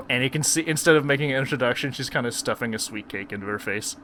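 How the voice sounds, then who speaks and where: A man narrating a tabletop game as game master, animated and often laughing. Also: mid-range voice, fast, slight background noise.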